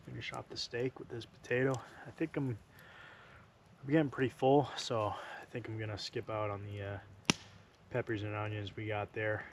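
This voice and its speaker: A man's voice: lowish voice, flat delivery, moderate pace. A man vlogging a solo camping trip at a forest campsite, talking casually to the camera as he cooks and camps. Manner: easygoing, talks to camera while cooking, sometimes murmurs softly. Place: forest campsite outdoors by a fire. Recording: outdoor noise in the background.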